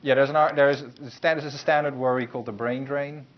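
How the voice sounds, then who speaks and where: A man's voice: mid-range voice, steady tone, a little fast. A man lecturing a university class in a loose, conversational way, with many fillers and restarts. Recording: muffled lecture recording with faint hiss.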